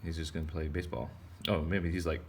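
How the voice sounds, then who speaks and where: A man from Texas leads a kids' drawing lesson in a rambling, playful way. His voice sits very low with a gravelly fry, and a faint hiss runs underneath. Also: flat delivery, quick pace. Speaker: art teacher.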